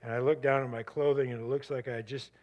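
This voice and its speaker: A man giving a church talk as a guest speaker, telling a dramatic personal story in vivid, animated bursts that drop suddenly to a hush. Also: medium pitch, fast talker, highs cut off.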